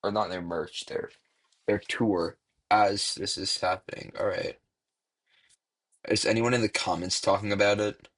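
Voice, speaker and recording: A young man rambling through casual online commentary, swearing freely and filling pauses with "like" and "um.". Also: on the low side, steady tone, a bit bright. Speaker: commentary YouTuber.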